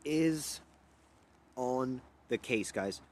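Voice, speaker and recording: Young Louisiana guy, livestream host, foul-mouthed and scattered, pitch all over the place. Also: lively intonation, very slow. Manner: profane, loud and erratic, jumping between topics. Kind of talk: rambling casual livestream chat.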